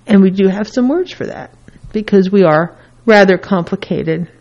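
A woman's voice: mid-range voice, moderate pace, darkish tone. A woman therapist in a casual teaching talk, who acts out the feelings she names with her voice. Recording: dull lo-fi recording.

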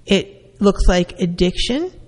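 A therapist giving an explanatory talk in a measured way, with pauses and restarts. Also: medium pitch, lively intonation, in a large hall. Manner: measured, with frequent fillers and restarts.

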